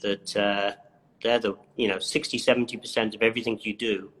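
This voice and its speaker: Man, from the Isle of Man, chef guest, relaxed, modest, even pitch. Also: brisk. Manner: relaxed, modest, many fillers. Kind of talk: casual interview chat.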